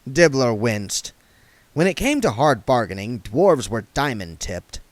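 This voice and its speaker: A man narrating a novel aloud with a lively, swinging delivery. He reads expressively between character voices, and the recording is dry and close. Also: mid-range voice, a little slow, no echo.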